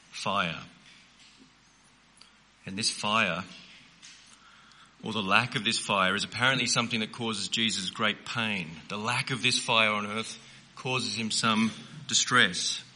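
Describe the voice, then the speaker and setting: Bright-voiced earnest male preacher. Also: fairly low pitch. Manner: earnest, emphatic preaching with slowed stressed phrases. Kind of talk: sermon.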